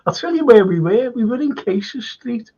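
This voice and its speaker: A man's voice: very high-pitched, lively intonation, normal speed, a little mellow, husky. An older man with a Liverpool accent who hosts a radio chat show and rambles through anecdotes. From Liverpool, England. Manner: rambling anecdotes, laughs while telling stories. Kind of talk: casual chat. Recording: dull lo-fi sound.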